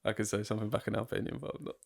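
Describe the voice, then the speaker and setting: A man's voice: fairly low pitch, fairly even intonation, rapid-fire, gravelly. A young man co-hosting a casual podcast, rambling and laughing often, with frequent restarts. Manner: giggly, rambling, restarts a lot. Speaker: podcast co-host.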